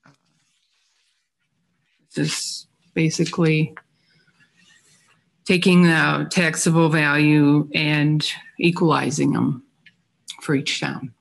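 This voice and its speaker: Slow gravelly official presenting figures. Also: mid-range voice, flat delivery. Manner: halting, many fillers, self-deprecating. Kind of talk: meeting presentation.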